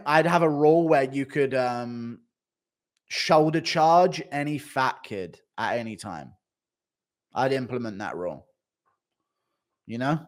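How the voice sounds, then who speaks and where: A man's voice: a little high, measured pace, long pauses. A man on a casual livestream, reading out donations and chat. He laughs often and swears freely.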